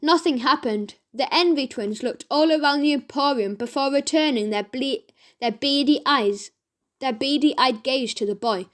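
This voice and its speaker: A woman reading a children's audiobook aloud, slowly and with the odd stumble and self-correction. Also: sits high. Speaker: reader.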